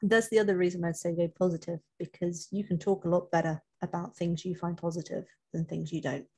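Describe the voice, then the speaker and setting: Woman interview coach, low husky voice with a gravelly edge, chatty webinar talk, restarts her sentences a lot. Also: flat delivery, a little fast, a little mellow. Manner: chatty, self-correcting, many restarts.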